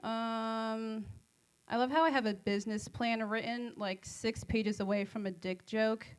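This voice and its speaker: A woman doing a stand-up set at an open mic on a comedy club stage, rambling and giggly, high on edibles, with self-deprecating jokes. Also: fairly even intonation, measured pace, clear, resonant tone.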